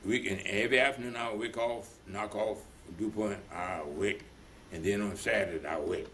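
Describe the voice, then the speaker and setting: An older man with a fairly low voice recounts his working life in a loose, rambling way. He slips into other people's voices as he retells conversations, and faint noise hums under the recording. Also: steady tone, normal speed, a bit bright. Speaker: veteran being interviewed. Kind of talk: oral history storytelling.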